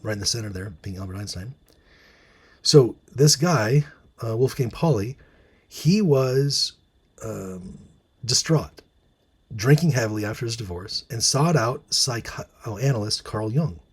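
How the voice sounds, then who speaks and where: Husky man musing with many fillers. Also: medium pitch, expressive, unhurried. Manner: musing, many fillers and restarts, reads from articles. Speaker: host. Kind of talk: casual monologue commentary.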